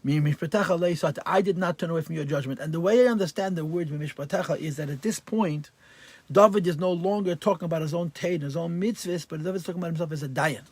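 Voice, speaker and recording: A man's voice: a little high, fast, dry recording. A man teaching a Torah class as a rabbi, translating verse by verse and stressing key words. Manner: translates verse by verse, mixing Hebrew and Yiddish terms into English.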